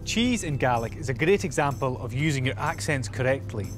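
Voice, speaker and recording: A man's voice: medium pitch, lively intonation, fairly quick. A young man presenting a Gaelic learning show, cracking puns in a playful, upbeat manner. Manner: punning, jokey, upbeat. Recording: music bed behind voice.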